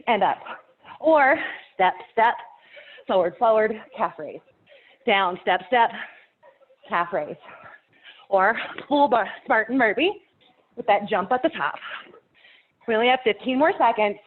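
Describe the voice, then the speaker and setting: A woman fitness instructor, out of breath as she cues a live workout class, counting down reps and cheering people on. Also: mid-range voice. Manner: encouraging, counts down reps, laughs between cues. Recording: tinny phone-like audio.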